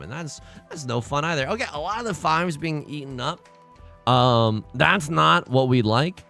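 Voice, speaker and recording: A young man chatting casually on a livestream as he plays mahjong and reads chat aloud, joking and animated. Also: fairly high pitch, creaky. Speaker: streamer playing online mahjong.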